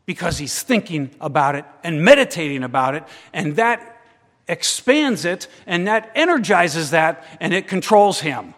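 A man's voice: fairly high pitch, expressive, unhurried, a bit bright. A man preaching a sermon, acting out a worried believer's voice in the first person. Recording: long hall reverb.

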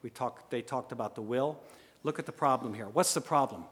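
Pastor, male, mid-pitched, animated delivery from loud to hushed, long hall reverb. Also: brisk, husky. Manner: animated, swings from loud urging to hushed asides. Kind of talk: sermon.

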